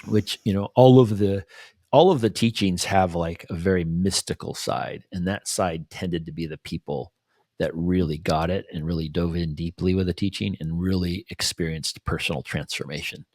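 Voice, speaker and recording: A man's voice: low-pitched, moderate pace, a little mellow, no room sound, clean studio sound. A man co-hosting a podcast, talking in a reflective, casual way and often checking in with "you know" and "right?". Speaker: podcast co-host. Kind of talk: casual conversational podcast talk.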